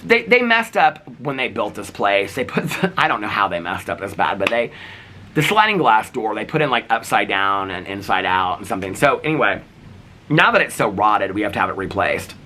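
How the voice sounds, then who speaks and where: A man vlogging, telling neighborhood stories in a rambling, animated way full of fillers. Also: on the low side, brisk. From United States. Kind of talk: casual storytelling.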